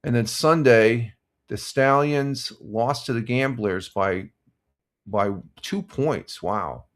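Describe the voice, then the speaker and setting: An older man hosting a casual live stream, chatting in a relaxed, rambling way with lots of fillers and restarts. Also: mid-range voice. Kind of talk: casual morning chat reading sports scores and viewer comments.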